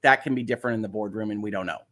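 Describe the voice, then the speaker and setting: A man's voice: lowish voice, rapid-fire, sharp tone. A man hosting a casual livestream, chatting about legal news, reading viewer questions and explaining cases. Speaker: host.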